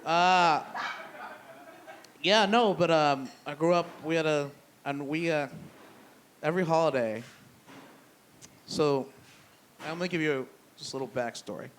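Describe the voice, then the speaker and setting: A man's voice: a little high, a little slow, pauses often, a bit bright, slight background noise. A young man doing stand-up comedy at a live brewery show, telling loose, profane, self-deprecating stories with lots of restarts. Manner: loose, rambling delivery with restarts.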